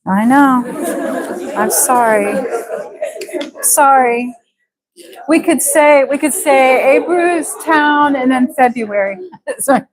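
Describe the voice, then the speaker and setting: A faint crowd can be heard in this low-quality recording of a woman with a high voice. She's teaching a live online English class, speaking slowly and patiently and drawing out words to model their sounds.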